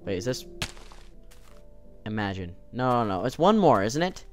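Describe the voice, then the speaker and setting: A young gameplay video host gives casual, rambling let's-play commentary, talking to himself and the game as faint music plays behind him. His mid-range voice swings widely in pitch at a normal speed and cracks often.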